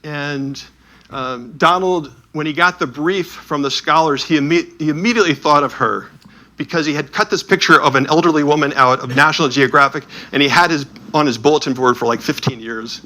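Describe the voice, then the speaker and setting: A man with a fairly high, bright voice tells stories as he presents a series of illuminated images. His manner is animated and anecdotal. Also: brisk. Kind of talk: storytelling talk with slides.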